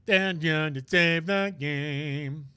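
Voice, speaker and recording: A man's voice: fairly high pitch, very slow, sharp tone, clear, resonant tone, no room sound. A man hosting a casual let's-play stream who reads a game aloud, chatty and tired, with apologetic asides. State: tired, yawning.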